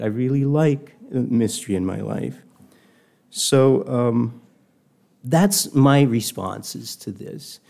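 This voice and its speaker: A man's voice: mid-range voice, mellow. An older man giving a reflective personal talk, telling stories in a thoughtful, digressive way.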